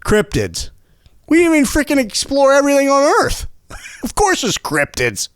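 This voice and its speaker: A male comedy show host ranting in a rambling, excitable way, swearing constantly and tripping over his words. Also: extremely high pitch, moderate pace, no room sound, studio quality.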